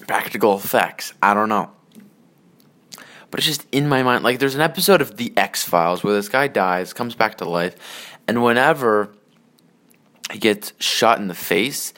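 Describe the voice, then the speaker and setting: An adult man in a casual, rambling rant about old movies, swearing often and getting worked up. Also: on the low side. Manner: profane, rambling, excitable.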